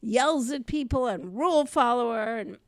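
High-voiced older woman, expressive. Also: moderate pace. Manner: expressive, swings from quiet to loud exclamations, laughs often. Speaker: podcast co-host and comedy teacher. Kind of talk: animated conversational storytelling.

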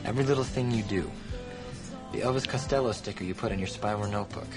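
An earnest teenage boy, played by a man, pours his heart out in a soft-spoken, sincere love letter. His voice sits low and the words come quickly. Music plays underneath this TV drama clip. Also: close to an everyday voice. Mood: tender.

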